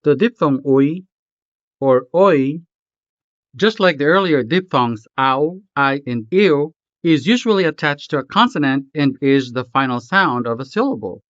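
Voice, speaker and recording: A man's voice: a little high, animated, a little slow, fairly bright tone, no echo, highs cut off. A man, a Hiligaynon speaker, narrating a scripted language lesson and carefully pronouncing example words. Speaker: language tutor.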